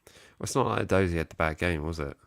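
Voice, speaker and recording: Low gravelly Englishman on a live stream. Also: fairly quick, no room sound, clean studio sound. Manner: jokey, reads chat aloud, chuckles and trails off. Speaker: co-host of a football fan show. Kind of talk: casual live-stream chat.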